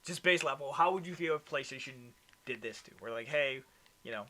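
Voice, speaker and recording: A man's voice: mid-range voice, animated, a little fast, pushed and bright. A man hosting a casual gaming podcast. He reads news from his notes, often stumbles and starts over, and runs short of breath. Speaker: podcast host.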